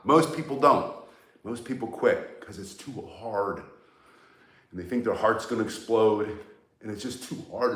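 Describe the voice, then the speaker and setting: With a lowish voice and a roomy sound, a martial arts teacher leads a staff-spinning demonstration. He talks while moving, guiding each step and becoming short of breath from the effort.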